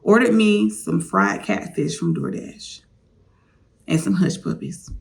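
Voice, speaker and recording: A woman's voice: lowish voice, lively intonation, slow, creaky. A woman vlogger candidly telling a personal story, confiding straight to her viewers.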